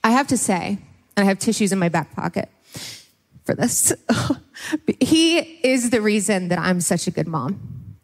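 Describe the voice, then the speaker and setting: A woman's voice: mid-range voice, expressive, a little slow. A young woman from Ohio speaking to a church congregation, emotional and laughing, often close to tears. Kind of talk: Mother's Day church talk. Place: large church hall. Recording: long reverb of a hall.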